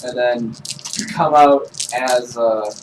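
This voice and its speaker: A man playing a tabletop game, chatting casually with frequent laughs and halting restarts, recorded from a distance in a noisy room. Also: medium pitch, fairly even intonation. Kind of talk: casual tabletop role-play chat.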